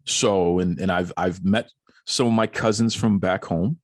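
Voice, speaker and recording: A man's voice: sits low, steady tone, measured pace, no echo, studio quality. A man hosting a podcast in casual chat, jokey and teasing, laughing often. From Boston area. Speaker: podcast host.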